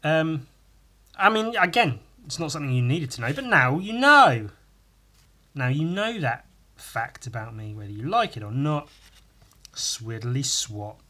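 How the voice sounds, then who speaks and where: Drawing as he talks, this podcast host has a mid-range voice with a bright, forceful tone, and he's animated though a little slow. His solo show meanders through restarts and asides, laced with profanity and self-mockery.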